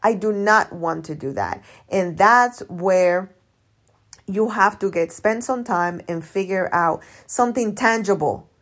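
A woman coach talking casually on her podcast, emphatic and lively, repeating her key phrases for effect. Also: medium pitch, measured pace. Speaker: business coach. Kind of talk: casual solo podcast talk.

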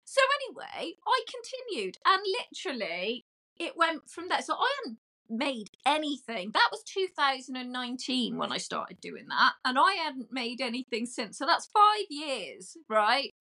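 A middle-aged woman, a podcast guest chatting in a loud, self-mocking way. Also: high-pitched, big pitch swings, moderate pace. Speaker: guest, cake decorator. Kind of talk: casual chat.

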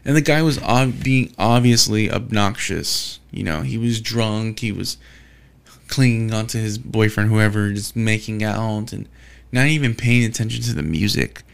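A man's voice: fairly low pitch, moderate pace, vocal fry, clear, resonant tone. A man talking alone in a casual, rambling monologue, swearing often and restarting his sentences as he rants. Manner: profane, exasperated ranting with frequent restarts.

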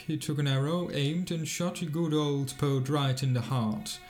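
A man narrating a fairy tale in a measured, expressive storybook reading. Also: on the high side, soft background music.

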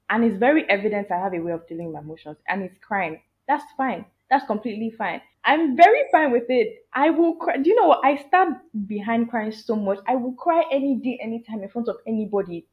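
Animated woman on a tinny line. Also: on the high side, a little fast, hardly any pauses. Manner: animated, emphatic, laughs often. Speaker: podcast guest. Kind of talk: casual chat. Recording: tinny phone-like sound.

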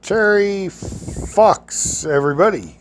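Speaking slowly in a high-pitched voice, a man spins loose, folksy tales about his earlier life. His storytelling rambles, and his grammar is casual.

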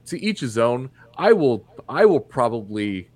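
He's a young podcast guest from Indiana, very animated yet speaking a bit slowly in a mid-range voice. In casual conversation he tells a personal story bluntly and honestly. He swears freely along the way.

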